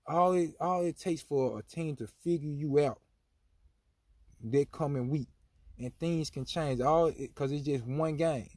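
A man's voice: on the high side, measured pace, darkish tone, dry recording, clean studio sound. A man giving a casual opinion monologue on football, talking emphatically and rambling with frequent restarts and fillers. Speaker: sports commentator.

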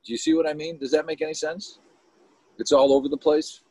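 A man's voice: a little high, little pitch movement, brisk, mellow, breathy edge, dry recording, low-quality recording. A man hosting a casual video chat, earnest and rambling as he searches for words.

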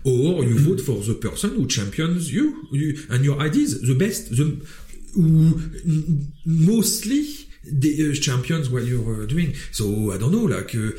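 A man with a French accent talks in a lively, opinionated chat, swearing often and breaking off mid-sentence. His tone is mellow and dark. The voice rings in a roomy, echoing space. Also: on the high side, unhurried, few pauses. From France. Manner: animated, swearing, wandering restarts. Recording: roomy echo.

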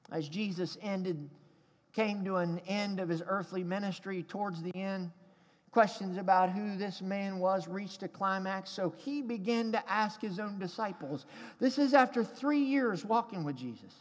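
A man's voice: extremely high pitch, normal speed, fairly bright tone, in a large hall. A pastor preaching a sermon to his congregation in a church, emphatic and calling for responses.

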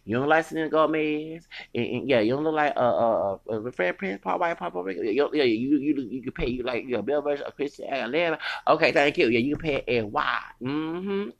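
Gravelly man ranting angrily. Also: on the high side, lively intonation, fairly quick, few pauses, lo-fi sound. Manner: angry, profane, rambling with many restarts. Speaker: podcaster. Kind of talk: heated solo rant.

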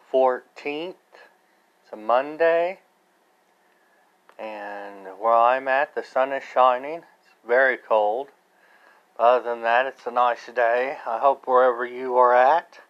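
An American man talks alone into his podcast mic in an unhurried, meandering way. He circles back on himself, restarting sentences and dropping in fillers. The recording is a little dull and lo-fi, and his pitch sits in the middle. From United States. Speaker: podcast host. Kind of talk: casual solo monologue.

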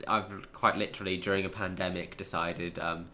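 A young man from England chats easily, with a deep voice and plenty of fillers. He laughs often as he talks. A faint background hiss sits under him. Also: little pitch movement, normal speed, sharp tone. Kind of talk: casual chat.

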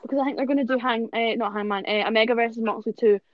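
A woman co-hosting a casual wrestling podcast, telling excitable stories. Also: a little high, rapid-fire, no echo. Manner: excitable, animated storytelling. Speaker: podcast co-host. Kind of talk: casual chat. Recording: dull lo-fi call audio.

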